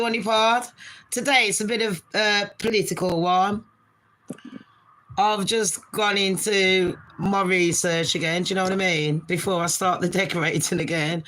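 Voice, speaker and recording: A British woman in her forties hosting a casual live stream from her bedroom, talking fast and swearing freely as she chats to her viewers and calls them babes. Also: lowish voice, a bit bright, slight background noise, poor audio. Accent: British English.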